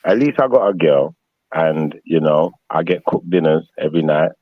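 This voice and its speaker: A man's voice: a bass voice, lively intonation, moderate pace, dry recording, phone-quality sound. A man with a South London accent, teasing and mocking the others in casual panel banter. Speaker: panel host.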